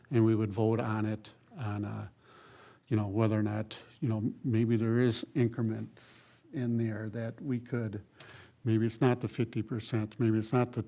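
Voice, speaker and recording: A man runs a city council workshop in a loose, conversational way, leaning on fillers as he steers the discussion. His voice is gravelly and mellow in tone. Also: on the low side. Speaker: city council presiding member.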